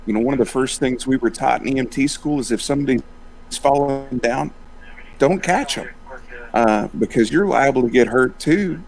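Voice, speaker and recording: A man's voice: medium pitch, fairly quick, vocal fry, a little mellow, low-quality recording. A man trained as an EMT, explaining things in a practical, matter-of-fact way in a casual group discussion on a live stream.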